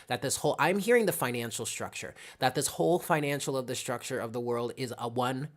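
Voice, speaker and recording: A tarot reader does a live reading with a brisk, mid-range voice, chatting casually and thinking out loud. She greets chat viewers by name and keeps checking in with "okay?"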